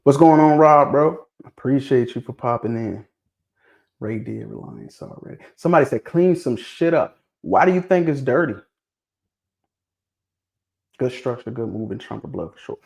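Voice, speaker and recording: A mid-pitched man speaks in on a casual livestream. He is lively and keeps pressing his audience with repeated questions. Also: moderate pace, vocal fry, pauses often. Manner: animated, prodding viewers with questions, repeats himself. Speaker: livestream host discussing dog pedigrees.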